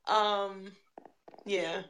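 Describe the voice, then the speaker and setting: A woman's voice: medium pitch, fairly even intonation, very slow, a crowd in the background. A woman co-hosting a podcast in casual chat, playful and laid-back, with frequent ums. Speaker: podcast co-host.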